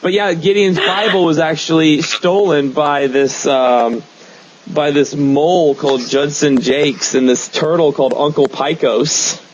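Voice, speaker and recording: Chatty guy hosting a comics podcast, slightly high voice, dull lo-fi sound with faint hiss. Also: fairly even intonation, a little slow. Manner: rambling, enthusiastic, many fillers. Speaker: podcast host. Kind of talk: casual comic-book chat.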